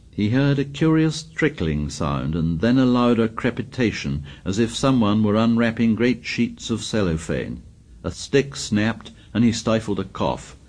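A man narrating a novel aloud in a measured, dramatic reading, letting his voice sink low and quiet at the ends of sentences. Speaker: audiobook narrator.

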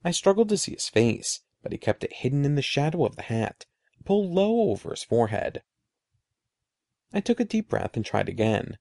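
A male narrator reads a spooky children's story with expressive, suspenseful delivery. His voice is mellow with a gravelly texture, and his pitch moves freely across phrases. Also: moderate pace, no echo, clean studio sound. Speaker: audiobook narrator.

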